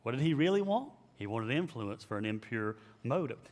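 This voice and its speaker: A man who is a pastor, giving an emphatic, animated leadership teaching and repeating his key phrases. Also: mid-range voice, fairly quick. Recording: long hall reverb.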